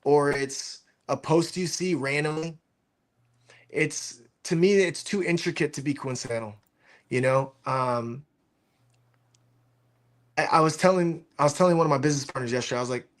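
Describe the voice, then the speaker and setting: A man's voice: fairly high pitch, moderate pace, pauses often. A man chatting on a live audio space in an earnest, reflective way with loose phrasing.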